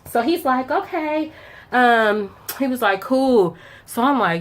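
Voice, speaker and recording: A woman's voice: mid-range voice, animated, measured pace, fairly bright tone. A young woman chatting casually as she tells a story while doing her makeup, acting out both sides of the conversation with slang. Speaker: beauty vlogger telling a story.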